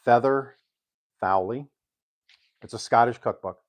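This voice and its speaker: An older home cook with a low voice hosts a casual cooking live stream. He's chatty and rambling, pausing with ums as he reads aloud.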